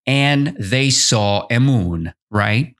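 Man, English teacher, unhurried, mid-pitched voice, chatty and encouraging. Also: animated, a bit bright. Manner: chatty and encouraging, with frequent fillers. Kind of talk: podcast lesson explaining a story.

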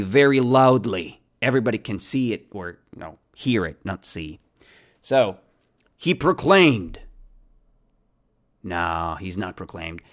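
An English teacher running a lesson, asking questions and answering them, repeating key words, with non-native grammar. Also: medium pitch.

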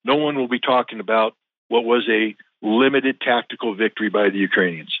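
A man's voice: lowish voice, brisk, no room sound. A man speaking as a guest military analyst, emphatic and blunt, stressing his points by repeating them. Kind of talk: interview answer. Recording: tinny phone-line audio.

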